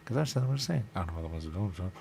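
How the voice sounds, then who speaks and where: Gravelly low-voiced man muttering. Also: animated, racing, a little mellow, slight background noise. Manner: mumbling, repeats "there you go", chuckles. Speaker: radio show host. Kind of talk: rambling casual talk.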